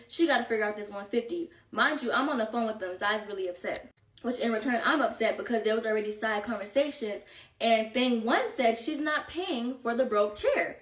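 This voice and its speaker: Young woman host, casual slangy storyteller, higher pitch, echoey room sound. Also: recorded from a distance. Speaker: podcast host. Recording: roomy echo, set back from mic.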